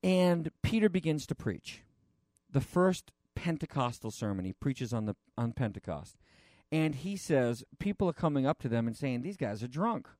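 A man preaching a conversational sermon, rambling and animated, with frequent restarts and fillers. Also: mid-range voice, moderate pace, no echo, studio quality.

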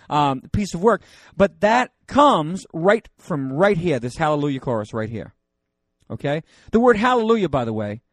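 A man's voice: a little high, no echo. A man teaching a Bible study in a loose, joking, conversational way, reading scripture aloud with rising emphasis.

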